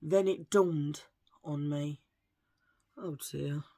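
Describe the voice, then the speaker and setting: A woman's voice: low-pitched, steady tone, drawn-out words, warm tone. A woman chatting to camera as a beauty vlogger, rambling and telling cheesy jokes. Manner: chatty, jokey, rambling asides. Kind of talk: casual chat to camera.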